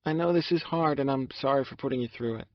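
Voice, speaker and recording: A male narrator voicing a gentle, caring young woman who speaks softly and apologetically. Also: mid-range voice, quick pace, no echo, highs cut off, voice pushed up, lightly acted. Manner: soft, hesitant, apologetic.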